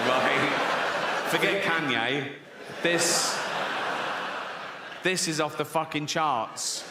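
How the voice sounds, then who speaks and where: Sardonic comedian. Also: male voice, a little high, heavy background noise. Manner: sardonic, profane, frequently laughing. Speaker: stand-up comedian. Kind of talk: stand-up comedy. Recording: reverberant live venue, loud ambience.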